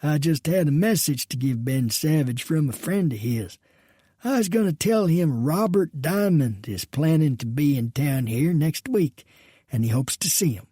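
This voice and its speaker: Older gunman, polite and wary, read by a man; pitched up, warm tone. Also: lively intonation, normal speed, slightly rough, dry recording, clean studio sound.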